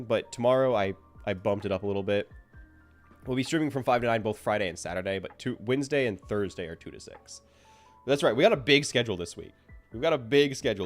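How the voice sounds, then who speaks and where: A man chatting casually to his viewers at the end of a stream, rambling and self-deprecating. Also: mid-range voice.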